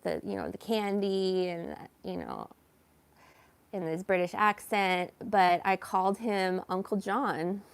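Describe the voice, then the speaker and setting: A woman telling a personal story in a casual vlog, slow and hesitant, with many fillers and some self-reproach. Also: medium pitch, gravelly, clean tone. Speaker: vlogger.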